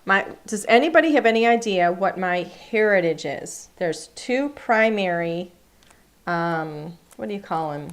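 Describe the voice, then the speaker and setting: A woman's voice: fairly low pitch, lively intonation, unhurried. A woman hosting a live craft class, chatting enthusiastically and thinking aloud as she works. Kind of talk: live-streamed craft demonstration. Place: craft studio.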